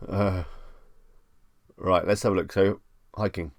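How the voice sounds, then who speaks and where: A man's voice: deep voice, fairly even intonation, slow pace, dry recording, studio quality. A man hosting a live stream in a casual, chatty way, reading questions aloud and musing on each one. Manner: chatty, reads questions aloud and muses on them.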